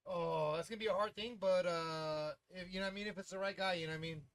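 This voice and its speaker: Male podcast co-host, rambling jokester, higher voice. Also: steady tone, fast talker, a bit bright, no echo. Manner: joking, rambling, trailing off. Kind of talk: casual podcast chat.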